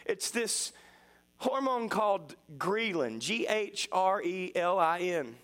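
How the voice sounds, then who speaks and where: A male preacher with a high-pitched voice delivers a sermon in an animated storytelling way. He acts out his own thoughts and his kids' imagined voices, swinging between loud punchlines and quiet confessional asides. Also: slow. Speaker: pastor.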